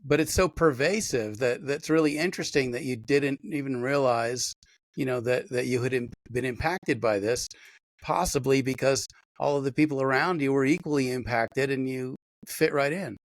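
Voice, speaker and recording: A man's voice: medium pitch, normal speed, no echo. A man hosting an interview over a video call, speaking in a supportive and reflective way. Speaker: host. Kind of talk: conversational interview.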